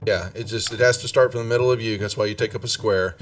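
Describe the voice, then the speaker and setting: Dungeon master, man, low easygoing voice, mic sits a bit far off. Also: fairly even intonation, fast, slight background noise. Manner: laid-back, lots of ums. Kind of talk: running a tabletop game.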